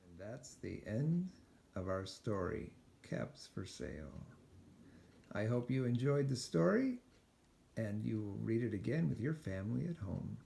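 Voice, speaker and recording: A man reading a children's picture book aloud as a storyteller, slow and expressive. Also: fairly low pitch, vocal fry, slight background noise.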